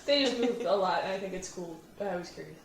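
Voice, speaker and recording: A woman's voice: fairly low pitch, animated, a little hiss or hum. A woman player in a tabletop game chatting casually and giggling often. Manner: giggly, unhurried. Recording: echoey room, distant mic.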